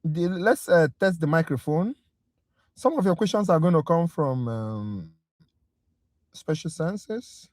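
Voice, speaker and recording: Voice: medium pitch, animated, takes it slowly, pauses often, darkish tone, no room sound. Talkative tutor on a dry livestream. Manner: exasperated, talkative rant; direct, addresses viewers as guys. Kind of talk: casual livestream review class.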